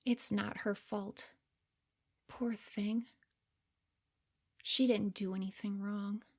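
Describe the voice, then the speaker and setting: A woman voicing her older, wiser self in a soft, gentle whispered role-play. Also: mid-range voice, steady tone, takes it slowly. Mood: tender.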